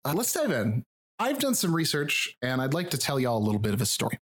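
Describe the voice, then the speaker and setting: A man with a rural Michigan accent, clipping the ends of his words, hosts a podcast in a loose, chatty way. He is wry and self-mocking and swears casually. His voice sits at an ordinary middle pitch. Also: huge pitch swings, fast. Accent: rural Michigan, drops final G's and D's. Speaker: podcast host and researcher. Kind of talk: casual podcast chat with jokey asides.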